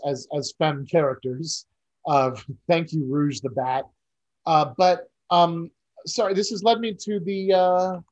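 A man's voice: on the high side, a little mellow, highs cut off. A man co-hosting a podcast in casual chat, rambling and wry, often interrupting himself. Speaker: podcast co-host.

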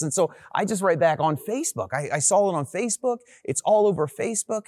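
A young man who pastors a church tells a story to his online congregation. His voice sits a little high and the sound is dry and close. He talks in a loose, animated way, full of fillers. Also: brisk, few pauses, no room sound. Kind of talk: sermon storytelling. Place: online church gathering recording.

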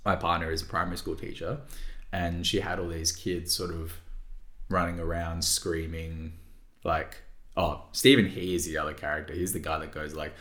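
A man's voice: sits low, little pitch movement, moderate pace, a bit bright, echoey room. A man co-hosting a casual podcast discussion, thinking aloud with hesitant restarts and frequent fillers. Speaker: podcast co-host.

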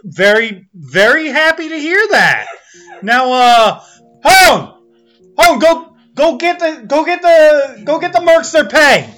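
A man voicing a flirty middle-aged woman who runs a bar, in a put-on country accent with his voice pushed up high. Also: big pitch swings, slow, bright, forceful tone, faint music behind, exaggerated voice. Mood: cheerful. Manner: laughing, breaking character.

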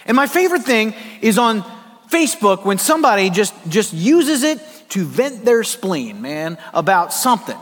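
A man's voice: high-pitched, very animated, moderate pace, a bit bright. A man preaching a sermon as pastor, telling stories in a conversational way with comic asides. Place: church sanctuary. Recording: long hall reverb.

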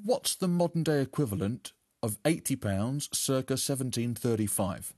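Dry deadpan male interviewer. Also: medium pitch, normal speed, no echo. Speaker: comedy podcast co-host as interviewer.

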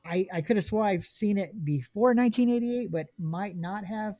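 A man's voice: high voice, moderate pace, warm tone, no room sound. A man hosting a casual podcast chat, reading film notes aloud with many ums and restarts. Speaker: podcast host.

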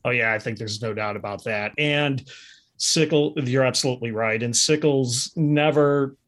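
A man's voice: medium pitch, normal speed, fairly bright tone. A man hosting a podcast, explaining history in an emphatic, conversational way. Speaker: podcast host. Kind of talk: casual history discussion.

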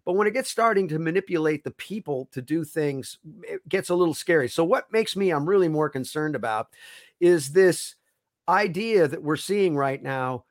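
A man's voice: a little high, animated, normal speed, no room sound, clean studio sound. A man as a podcast guest, explaining his concerns earnestly at length, often restarting his sentences. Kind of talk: casual interview chat.

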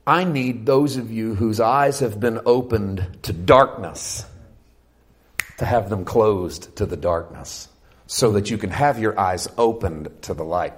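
A man preaching a sermon, animated and swinging from loud, urgent passages to hushed ones, acting out quoted voices and putting questions to the congregation. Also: on the low side.

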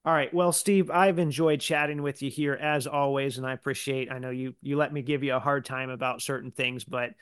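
A man hosting a podcast, talking in a relaxed, conversational way with frequent fillers. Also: medium pitch, fairly quick, few pauses, clear, resonant tone, no echo, studio quality. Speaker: podcast host. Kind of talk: casual podcast chat.

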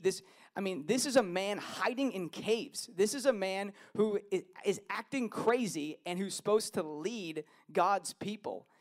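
A man in his thirties preaching a sermon, telling stories in an animated way that moves from hushed to loud. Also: high-pitched. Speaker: pastor.

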